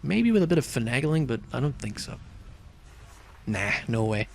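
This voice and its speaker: A man's voice: mid-range voice, very animated, normal speed, vocal fry. A young man casually commenting on a video game as he plays, chatty and rambling, with lots of fillers and asides. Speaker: let's play host.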